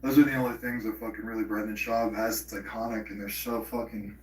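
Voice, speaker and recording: A man's voice: on the low side, steady tone, fast, hardly any pauses. A man hosting a live stream, rambling in profane casual chat and slipping into mock impressions. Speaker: livestream host. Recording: roomy, distant from the mic.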